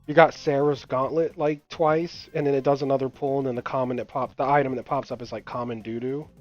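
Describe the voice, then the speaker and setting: A man's voice: medium pitch, steady tone, brisk, darkish tone. Rambling young man, dull lo-fi mic. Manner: rambling, filler-heavy, profane, laughing storyteller. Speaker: gaming channel host. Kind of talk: casual chat while playing a game. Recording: dull lo-fi mic, dry, game music behind.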